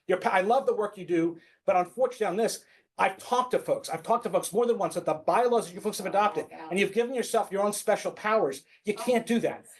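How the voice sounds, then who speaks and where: A man's voice: high voice, quick pace. A man arguing at a town public meeting, insistent, repeating himself in stammered restarts and apologizing when challenged. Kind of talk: heated public meeting debate.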